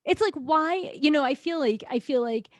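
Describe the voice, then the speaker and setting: A woman's voice: sits high, moderate pace, no echo. A woman co-hosting a podcast, chatting casually and backing her partner with frequent agreement and laughter. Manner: supportive listener, frequent yeahs and laughs. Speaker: podcast co-host.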